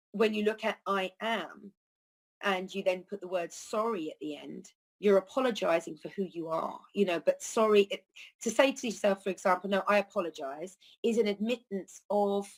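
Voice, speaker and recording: A woman's voice: medium pitch, low-quality recording. A woman hosting a wellness talk, speaking earnestly in a loose, rambling way with frequent fillers about words and healing. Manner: earnest, rambling, with many "you know" fillers. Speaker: holistic healer and podcast host. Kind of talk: reflective spoken monologue.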